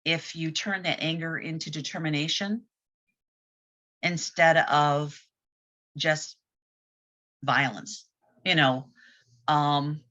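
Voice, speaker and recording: A woman's voice: low-pitched, steady tone, slow, pauses often, a bit bright. A woman in a casual group chat, speaking candidly and reflectively in plain words. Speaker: group discussion participant. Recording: dull lo-fi audio.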